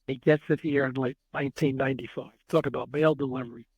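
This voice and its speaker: A man's voice: mid-range voice, quick pace, breathy edge, dry recording, highs cut off. A man in his eighties, a guest telling stories in an interview and acting out the dialogue in them. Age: 80s. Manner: animated storyteller who acts out dialogue. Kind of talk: storytelling interview.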